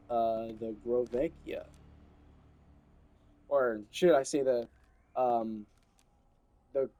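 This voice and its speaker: A young man hosting his gaming channel, giving chatty, excitable commentary with playful asides. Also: medium pitch, slight background noise, poor audio. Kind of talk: casual gameplay commentary.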